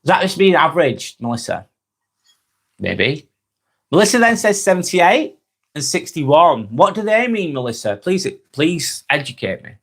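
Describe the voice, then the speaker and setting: Here a Lancashire man from North West England, in England, answers viewer comments on a laid-back live stream, chuckling regularly and addressing people as mate. His voice sits a little high with big pitch swings, unhurried, somewhat bright and with a breathy edge.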